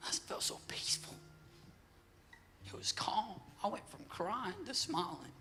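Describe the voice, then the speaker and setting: A teenage boy giving an earnest, emotional church testimony, his voice dropping soft at moments. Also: high voice, a little slow, pauses often, soft background music. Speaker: youth group member giving a testimony.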